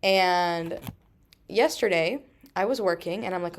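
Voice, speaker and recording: A woman in her thirties hosting a solo podcast, talking emphatically with frequent swearing and quick asides. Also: on the low side. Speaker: podcast host.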